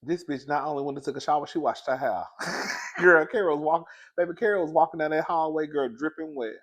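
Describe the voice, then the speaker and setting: A man's voice: fairly high pitch, a little fast, a bit bright. A young man recapping a TV episode in a sassy, gossipy way, laughing often and calling his listeners girl and baby. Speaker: TV show reviewer. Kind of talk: animated casual recap.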